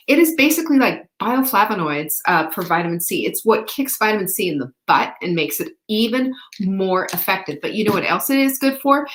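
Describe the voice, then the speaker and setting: A woman hosting a live show, chatting brightly and greeting viewers by name. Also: mid-range voice. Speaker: host. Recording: roomy echo.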